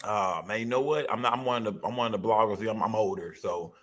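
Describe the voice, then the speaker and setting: A man hosting a live stream podcast, shouting out and calling on callers. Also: fairly low pitch, fast. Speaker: host.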